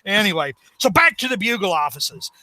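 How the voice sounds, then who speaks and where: Middle-aged male podcast co-host, brassy high voice, loose rambling delivery. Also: sing-song, fairly quick, pushed and bright, no room sound. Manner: rambling, laughing, acts out characters in quotes. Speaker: podcast co-host recapping comics. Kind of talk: casual chat.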